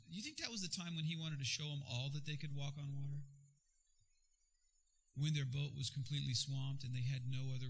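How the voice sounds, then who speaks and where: A man preaching a sermon in an animated, jokey way with sudden bursts of energy. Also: on the high side, rough recording. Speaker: pastor.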